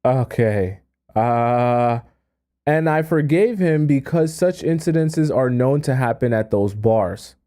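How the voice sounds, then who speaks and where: A mellow-voiced man hosts a live stream from a home setup, reacting to a viewer's letter. He stammers and repeats himself in stunned disbelief, his voice sitting at an ordinary middle pitch. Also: animated, takes it slowly. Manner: stammering, incredulous, dropping to mutters and breaking into laughter. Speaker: dating coach and live-stream host.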